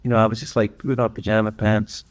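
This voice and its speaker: A man's voice: on the low side, flat delivery, fast talker. A man hosting a livestream, telling rambling, self-correcting stories in casual chat while gaming. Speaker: livestream host.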